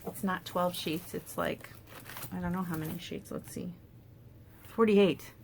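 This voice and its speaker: A woman demonstrating paper crafts in a casual tutorial, chatty and thinking aloud with soft asides under her breath. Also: on the low side, fairly even intonation, unhurried, gravelly, slight background noise.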